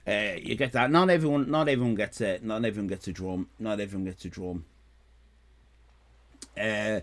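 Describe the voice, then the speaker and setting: A man in his fifties from Ireland, with an Irish accent, chats casually on a live stream, rambling, repeating himself and joking with his chat. His voice is on the low side, at a moderate pace with frequent pauses.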